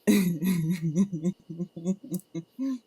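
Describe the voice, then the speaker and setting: A woman with a slightly low voice hosts a relaxed art stream. She talks at an unhurried pace, playful and giggly as she greets chat. The sound is dry and close, with no room around her. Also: husky, no room sound. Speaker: streamer drawing art live. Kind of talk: casual livestream chat with viewers.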